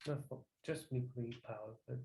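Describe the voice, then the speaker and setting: Man, student, hesitant speech, monotone, dark warm tone. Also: medium pitch, vocal fry, slight background noise, low-quality recording. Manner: halting, searching for words, many restarts. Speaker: adult English learner.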